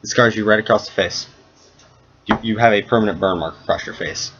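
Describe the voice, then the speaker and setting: A man's voice: on the low side, fairly even intonation, brisk. Young male game master, offhand and jokey; lo-fi recording with light hiss. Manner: loose, stumbling, jokey. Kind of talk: casual tabletop game narration. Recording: dull lo-fi recording with faint hiss.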